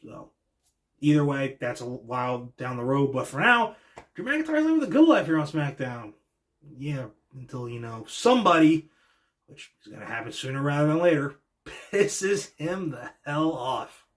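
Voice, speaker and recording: A man's voice: on the high side, very animated, normal speed. A man hosting a show, talking through wrestling predictions in a rambling, opinionated way with lots of fillers. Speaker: podcast host. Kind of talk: casual wrestling reaction monologue.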